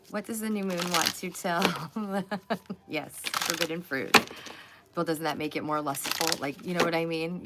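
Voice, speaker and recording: Woman, low voice, chatty tarot reader, talks to the viewer and laughs a lot, noise behind her. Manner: excitable, chatty, laughs often. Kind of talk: live tarot reading.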